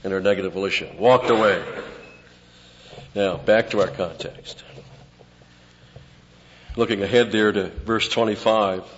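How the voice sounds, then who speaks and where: Low-voiced man preaching in a reverberant hall. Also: a little slow, long pauses, highs cut off, slight background noise. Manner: conversational teaching, drops to quiet asides. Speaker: pastor. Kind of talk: expository sermon.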